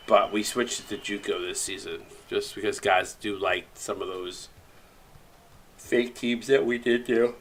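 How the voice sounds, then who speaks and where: A man's voice: on the low side, steady tone, measured pace, slight background noise. A man commentating a streamed video game basketball game, casually rattling off player stat lines with joking asides. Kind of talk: casual play-by-play recap.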